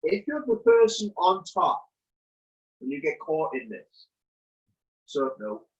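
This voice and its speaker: A man's voice: on the high side, very animated, slow pace. A man coaching jiu-jitsu over a video call, explaining a technique while he demonstrates it. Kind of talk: casual chat then technique instruction. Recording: dull lo-fi video call audio.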